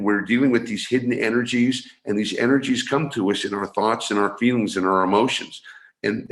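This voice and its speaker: A man from San Francisco, a guest coach, explaining his ideas in an interview over a video call. He talks in halting bursts, restarting and repeating words. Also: fairly low pitch. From San Francisco, USA. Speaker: guest, energy awareness coach. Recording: echoey room sound.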